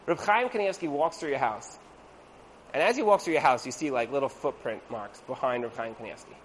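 A man giving a storytelling talk to an audience as a religious teacher, conversational and animated, acting out the people in his stories. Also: on the high side, a little hiss or hum, rough recording. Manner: conversational, with frequent "like" and asides.

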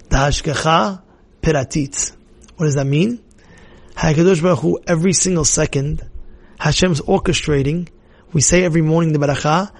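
A man teaching a Torah class as a rabbi, animated and emphatic, repeating phrases to drive points home. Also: fairly high pitch. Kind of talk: lively sermon-style Torah lesson.

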